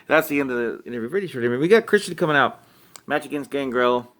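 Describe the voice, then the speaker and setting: A man's voice: mid-range voice, quick pace, fairly bright tone. Rambling man recapping a wrestling show. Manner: rambling, self-correcting, chuckles often. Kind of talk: casual recap commentary.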